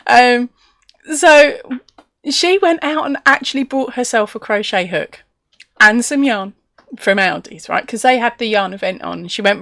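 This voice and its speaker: Chatty English woman, fairly high voice. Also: measured pace, fairly bright tone, no room sound. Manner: chatty, laughs often, reads viewer comments aloud. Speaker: crochet live-stream host. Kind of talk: casual live-stream chat.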